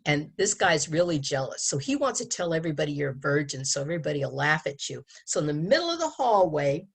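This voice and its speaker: Husky woman giving a lively talk. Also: sits low, fast, hardly any pauses. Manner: animated, acts out quoted lines, laughs often. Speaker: abstinence educator. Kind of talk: presentation to an audience.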